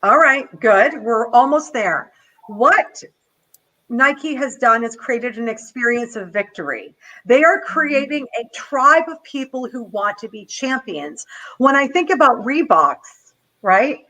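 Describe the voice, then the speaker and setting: A woman guest trainer on a video call, giving an energetic, playful coaching talk. She talks in an animated way and acts out quotes. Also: fairly high pitch, slow pace, low-quality recording. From not American. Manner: animated and playful, slipping into quoted movie voices.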